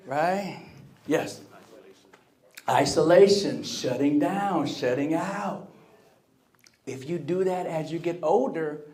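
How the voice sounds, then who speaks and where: Lively man giving a keynote. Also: a little high, slow, pauses often. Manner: energetic, call-and-response with the crowd; acts out quoted voices. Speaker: motivational speaker. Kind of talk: live keynote speech to an audience. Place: convention center hall.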